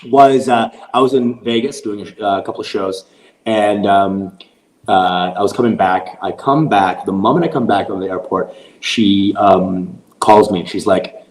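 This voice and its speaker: Heard in poor audio with an echoey room, this man speaks in a lowish voice at a moderate pace. He's a comedian guesting on a podcast, animatedly recounting a long, profane, meandering story in casual conversation.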